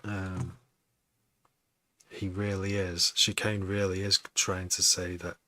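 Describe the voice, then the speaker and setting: A man's voice: low-pitched, level tone, slow, sharp tone, no echo. A man streaming a music production session, chatting casually in a rambling way, swearing often and breaking off mid-sentence. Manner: starts and stops mid-sentence, repeats words. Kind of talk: casual chat.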